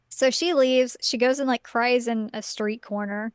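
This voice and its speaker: A woman with a smooth, clean-toned voice pitched a little high, chatting on a podcast as she recaps a story. She fills her talk with "like" and "um" and keeps a relaxed, chatty flow. The sound is close and dry. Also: measured pace, few pauses, dry recording. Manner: chatty, full of "like" and "um" fillers. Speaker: podcast co-host. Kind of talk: casual chat recapping a story.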